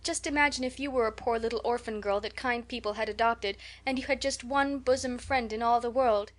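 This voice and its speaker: A woman reading aloud and voicing an excitable, dramatic orphan girl who pleads in high-flown words. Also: brisk, natural voice. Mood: pleading.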